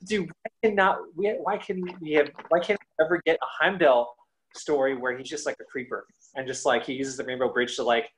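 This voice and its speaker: A man's voice: medium pitch, fairly even intonation, fairly quick, a bit bright, rough recording. A man co-hosting a podcast, rambling and restarting his thoughts in casual chat. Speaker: podcast co-host.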